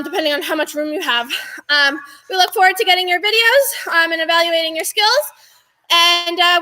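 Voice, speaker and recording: Her voice is forceful, bright, and pitched extremely high. She's a young online gymnastics coach giving class instructions, laughing frequently, cheering everyone on, and panting from the workout amid room echo and background music.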